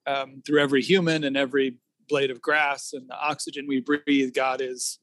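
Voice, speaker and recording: A man who is a pastor, talking in a casual faith conversation, reflective with dry humor and halting pauses. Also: medium pitch, level tone, a bit bright, no echo. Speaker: Christian pastor.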